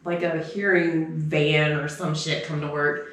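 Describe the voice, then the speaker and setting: A woman's voice: sits low, flat delivery, unhurried, fairly bright tone. A woman co-host chats bluntly and chimes in with short crude reactions. She sounds distant from the mic in a very echoey room. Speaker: podcast co-host. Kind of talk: casual chat.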